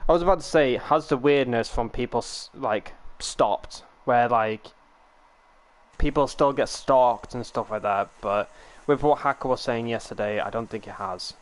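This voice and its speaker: A man's voice: medium pitch, moderate pace. A young man from the United Kingdom, chatting casually and rambling to his viewers while streaming a game. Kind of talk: casual live-stream chat.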